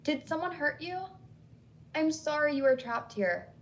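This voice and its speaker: A woman voicing an earnest female medium who gently pleads with a spirit. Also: high voice, animated, measured pace, voice pushed up. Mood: coaxing. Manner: gentle, pleading, grows indignant.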